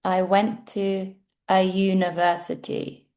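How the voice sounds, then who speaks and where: A woman with a British accent teaching English pronunciation, saying words slowly and carefully for learners to repeat. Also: mid-range voice, darkish tone. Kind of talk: pronunciation lesson.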